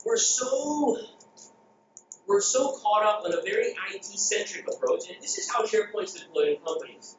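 A middle-aged man from the Philippines giving a jokey, energetic conference talk and asking the crowd questions. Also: high-pitched, moderate pace, slight background noise. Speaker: conference speaker. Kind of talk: keynote presentation. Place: conference hall. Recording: echoey dull hall recording.

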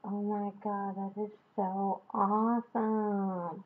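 A woman filming an unboxing vlog at home, talking in a gushing, excitable way. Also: medium pitch, moderate pace. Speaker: vlogger. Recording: tinny phone-like sound.

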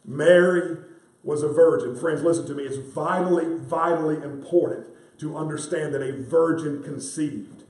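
A man's voice: a little high, fairly even intonation, moderate pace, a little mellow. A man preaching a sermon as pastor, emphatic and repeating key phrases to the congregation he calls friends. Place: church sanctuary. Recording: roomy sound from a distant mic.

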